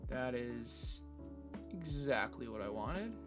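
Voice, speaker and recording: A man thinking out loud in a casual screen-recorded build log, hesitant with many fillers and restarts, from his room at home. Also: mid-range voice, animated, slow, faint music behind. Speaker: hobbyist robot builder. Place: bedroom at home.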